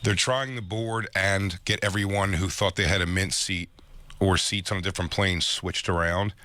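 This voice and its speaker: A man's voice: sits low, steady tone, moderate pace, pushed and bright, no echo. A man hosting a radio talk show, telling a rambling, profane story in casual chat. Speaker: radio show host and comedian.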